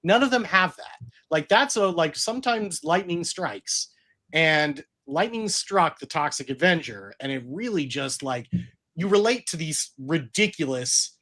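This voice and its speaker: A man's voice: a little high, lively intonation, a little slow, pushed and bright. A man guesting on a movie podcast, talking films as an enthusiastic buff. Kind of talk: casual movie discussion.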